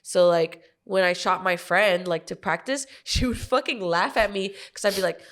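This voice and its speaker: A woman's voice: mid-range voice, moderate pace, fairly bright tone. A woman co-hosting a podcast in casual chat, laughing often and swearing freely. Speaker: podcast co-host.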